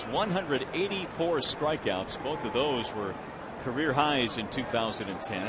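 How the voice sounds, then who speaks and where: A man doing baseball play-by-play from a stadium booth, calm between pitches and rising sharply on big plays. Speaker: play-by-play announcer. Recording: broadcast with loud stadium crowd and noise. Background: loud ballpark crowd.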